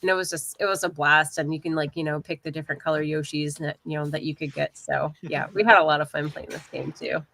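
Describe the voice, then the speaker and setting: A woman co-hosting a casual podcast, chatty and excitable. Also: low-pitched, quick pace, vocal fry, hardly any pauses, slight background noise. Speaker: podcast co-host. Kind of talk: casual chat.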